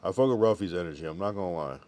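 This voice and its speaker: A man's voice: low voice, animated, rapid-fire, darkish tone. A young man livestreaming, chatting casually with viewers in a laid-back, drowsy way, full of slang and loose asides, yawning now and then. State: sleepy, yawning. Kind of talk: casual livestream chat reading viewer comments.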